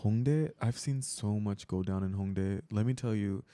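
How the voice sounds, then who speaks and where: A man guest in a casual chat, talking in a relaxed, hesitant way with many fillers. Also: lowish voice, normal speed, no room sound. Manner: relaxed, hesitant, full of likes and ums.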